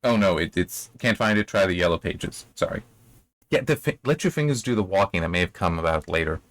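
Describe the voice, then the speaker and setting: A man's voice: low-pitched, lively intonation, a little fast, fairly bright tone. A man hosting a casual book review. He rambles, corrects himself mid-sentence and briefly acts out lines from the story. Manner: rambling, self-correcting, acts out quoted characters. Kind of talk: casual spoken book commentary.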